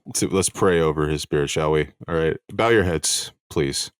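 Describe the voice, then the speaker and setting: A man co-hosting a comedy podcast, deadpan and mock-solemn in casual chat. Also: rumbling low, moderate pace, no room sound, studio quality. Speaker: podcast co-host.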